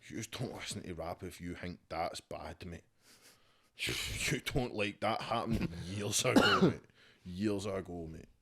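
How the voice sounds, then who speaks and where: A man's voice: deep voice, a little slow, fairly bright tone, husky. A Scottish rapper, a man guesting on a casual podcast at home, talking bluntly and with a lot of swearing. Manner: profane, blunt, ranting. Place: his home.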